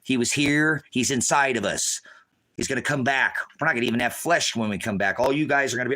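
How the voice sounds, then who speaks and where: A middle-aged American preacher who talks off the cuff and rambles from point to point. He scolds his listeners in a combative, cutting tone. His voice is strikingly bright and sharp. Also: medium pitch, brisk, poor audio. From United States.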